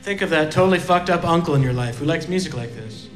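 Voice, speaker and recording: A man's voice: a little high, animated, fast, few pauses, roomy sound, in a large hall, over music, low-quality recording. A man doing a rambling, profane stand-up set and acting out voices along the way. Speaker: stand-up comedian.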